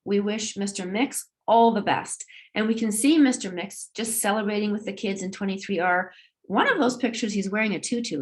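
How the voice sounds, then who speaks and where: A middle-aged woman on a video call, presenting a school assembly in an upbeat, encouraging way. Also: medium pitch. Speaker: school administrator hosting an assembly.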